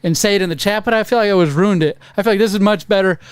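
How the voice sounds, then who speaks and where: A profane man spins a story on a casual podcast, acting out what everyone said. His voice sits high and clean. The sound is dry and close. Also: very fast, clean tone, no room sound. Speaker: podcast co-host. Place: podcast studio.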